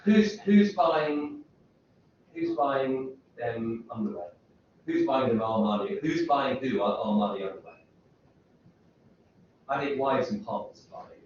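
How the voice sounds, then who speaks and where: A man's voice: medium pitch, animated, a little slow, pauses often, a little mellow, slight background noise. Guy lecturing, rambly, asks the class stuff, far off mic, big echo. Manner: rambling, self-interrupting, asks rhetorical questions. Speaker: university lecturer. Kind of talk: lecture with questions to students. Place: lecture room. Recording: echoey lecture hall from far off, dull sound.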